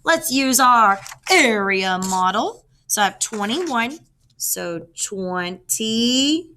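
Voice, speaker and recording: A woman's voice: a little high, animated, slow, bright, forceful tone, slight background noise. A woman teacher explaining a math lesson step by step, counting aloud as she works.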